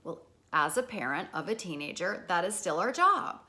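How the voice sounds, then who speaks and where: A middle-aged woman talks in a relaxed, candid way, swearing freely and slipping into the voices of the people she describes. Her tone is bright and clear, the easy talk of a therapist hosting a podcast. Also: fairly low pitch, normal speed. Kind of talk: casual spoken talk.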